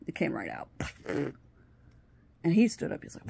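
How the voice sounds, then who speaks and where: A woman's voice: fairly low pitch, normal speed, creaky, husky, no echo. A woman telling a personal story in a casual way, acting out what people said and often restarting her sentences. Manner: animated, acts out what people said. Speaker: vlogger.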